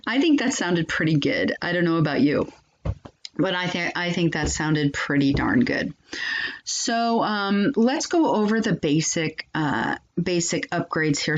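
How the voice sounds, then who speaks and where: Woman tutorial host, low voice, chatty and loose, muffled lo-fi sound. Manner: chatty, many ums and restarts. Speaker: software reviewer and channel host. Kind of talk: casual screen-recording walkthrough.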